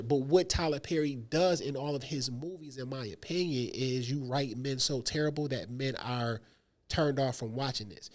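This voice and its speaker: A man talks through a movie in a casual review chat. His voice sits a little high for a man. He is animated and emphatic, and often acts out quick quotes. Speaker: podcast co-host.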